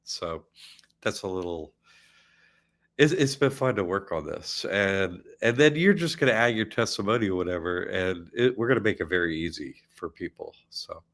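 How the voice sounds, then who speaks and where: A man's voice: low voice, expressive, moderate pace, fairly bright tone. A man hosting an online academy show, chatting casually and rambling, often laughing. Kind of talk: casual chat.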